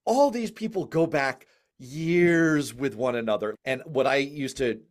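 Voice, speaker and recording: A man hosting a podcast, chatty and lively, with jokey asides while wrapping up the interview. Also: mid-range voice, unhurried. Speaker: podcast host. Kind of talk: casual conversational podcast hosting.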